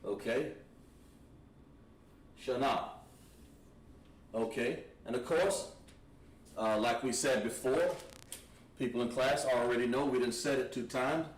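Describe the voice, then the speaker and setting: A man teaching a language class, thinking aloud and pausing while he writes on a board. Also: mid-range voice. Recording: echoey room, mic at a distance, faint noise.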